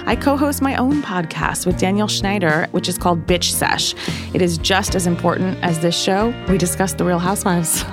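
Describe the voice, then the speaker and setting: A woman's voice: on the low side, moderate pace, music in the background. A woman in her thirties guest hosting a podcast, playful and jokey, chatting and reading the credits. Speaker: guest host. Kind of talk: casual chat and scripted outro.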